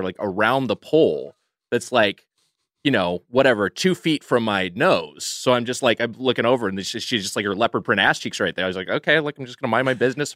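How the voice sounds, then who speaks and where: A man telling a rambling story in casual podcast chat, his voice bright and forward, with plenty of fillers and restarts along the way. The sound is dry and close, with no room around it. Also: medium pitch, dry recording. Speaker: podcast co-host.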